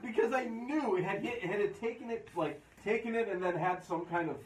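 Man, casual chat, high pitch, excitable, distant mic, crowd noise. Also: normal speed. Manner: excitable, swearing, laughing.

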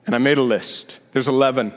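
A brisk, steady, mid-range male voice belongs to a senior pastor preaching conversationally in a church sanctuary. He makes sarcastic asides on the way to emphatic points, and the recording carries the long reverb of a big hall.

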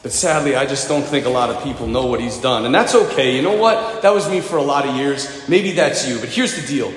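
A man preaching a sermon to his parish, retelling a story with animated, dramatic delivery. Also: medium pitch, brisk, a little hiss or hum. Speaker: priest. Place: church. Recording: echoey church hall.

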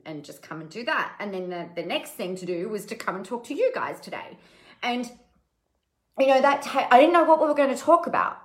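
A woman's voice: on the high side, very animated, a little fast. A woman giving a candid, chatty motivational talk, full of fillers and the odd swear word. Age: adult with children. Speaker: podcast host and business coach. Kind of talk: casual motivational monologue. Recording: echoey room.

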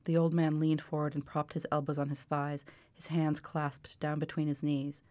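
A woman author reading aloud from her novel in a measured, expressive way. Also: sits low, no room sound. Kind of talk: book reading.

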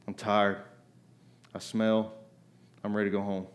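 A man preaching a sermon in a conversational way, acting out voices and asking "right?" often, climbing to loud emphatic bursts. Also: lowish voice, flat delivery, a little slow. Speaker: pastor.

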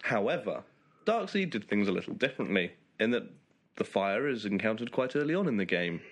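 A man's voice: lowish voice, very animated, a little fast. A man hosting a casual group chat, explaining things in a wry, storytelling way.

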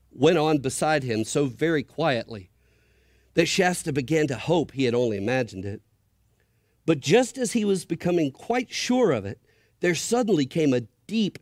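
A middle-aged man reads a story aloud with drama and expression, speeding up and slowing down for effect. His voice sits at an ordinary pitch for a man. The recording is dry and close. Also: a little mellow, dry recording. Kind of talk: storybook reading to a congregation.

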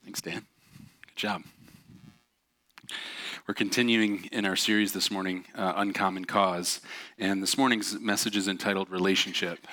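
A pastor delivers a sermon in a lowish voice with a bright, forceful edge. He tells a story and acts out the voices of the people in it. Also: moderate pace, long pauses. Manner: animated storyteller, acting out quoted voices.

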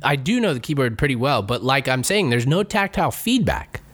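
A man's voice: medium pitch, big pitch swings, brisk, fairly bright tone. A young man co-hosting a casual podcast chat, rambling with lots of fillers and swearing. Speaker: podcast co-host.

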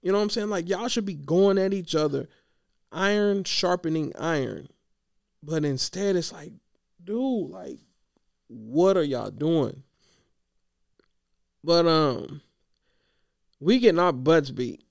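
A man coaching youth basketball, venting in a casual vlog monologue, slangy and animated, worn out from yelling. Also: fairly high pitch, slow pace, creaky, long pauses, no echo, studio quality.

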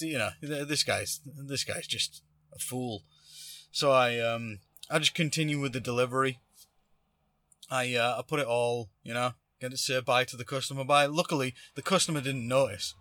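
A man's voice: medium pitch, a little fast, pushed and bright, dry recording, studio quality. A man hosting a podcast, telling a story casually and animatedly, acting out quotes. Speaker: podcast host.

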